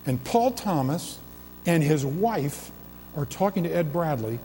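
A man's voice: a little high, animated, unhurried, mellow, a little hiss or hum. A man preaching a sermon in a church sanctuary, building emphasis through repeated, swelling phrases. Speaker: pastor. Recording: long reverb of a large hall.

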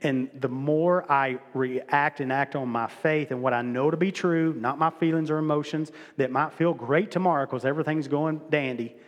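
A man's voice: a little high, moderate pace, hardly any pauses, long reverb tail. A middle-aged male pastor preaching a sermon in a casual, conversational way, often repeating himself and restarting phrases. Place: church sanctuary.

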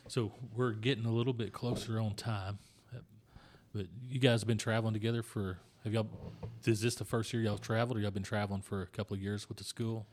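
A man hosting an interview, talking in a calm, relaxed way. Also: on the low side, fairly quick. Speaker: host.

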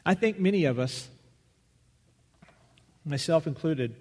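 A man preaching a sermon as pastor, earnest and searching, pausing and restarting as he goes. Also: on the high side, animated, a little mellow. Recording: long reverb of a large hall.

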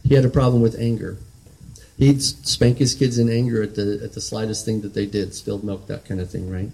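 A man's voice: lowish voice, little pitch movement, a little fast, vocal fry, a little mellow, poor audio. A man preaching a sermon in an earnest, conversational way, often restarting and checking in with "right?".

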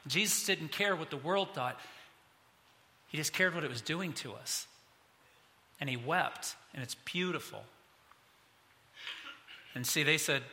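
Middle aged pastor guy preaching, fairly high voice, gets all animated, big reverby church hall. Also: normal speed, long pauses. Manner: animated, voice rising high when excited. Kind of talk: sermon.

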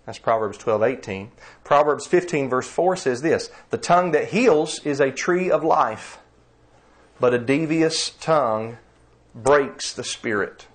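A man preaching a sermon, earnest and emphatic, slowing down to read scripture. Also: mid-range voice, expressive.

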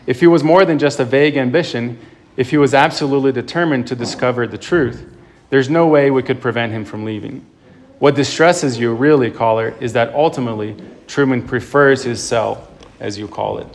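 A man voicing a middle-aged male television show creator who speaks in a calm, persuasive, possessive way. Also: mid-range voice, fairly quick, close to an everyday voice.

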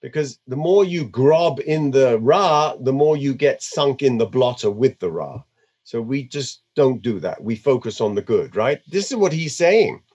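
A man giving a conversational Torah lecture, weaving Hebrew terms into his English with an animated delivery. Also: medium pitch, unhurried. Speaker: religious teacher.

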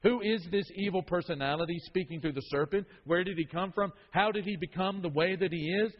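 A man preaching a sermon, emphatic and repetitive, swinging from loud declarations to hushed asides. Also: high-pitched, a little fast. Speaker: pastor. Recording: dull sound with long reverb in a hall.

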